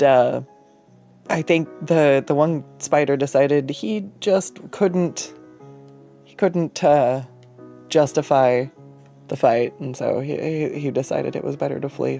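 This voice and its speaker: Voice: mid-range voice, slow pace, gravelly, mellow, soft background music. Rambling, laughing casual storyteller. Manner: rambling, profane, laughs often. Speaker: artist and streamer. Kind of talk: casual storytelling while drawing.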